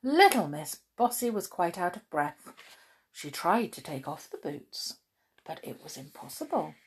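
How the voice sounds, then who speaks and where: A woman's voice: on the low side, very animated, a little slow, slight background noise. A woman reading a children's storybook aloud with dramatic gasps, then chatting cheerfully to listeners.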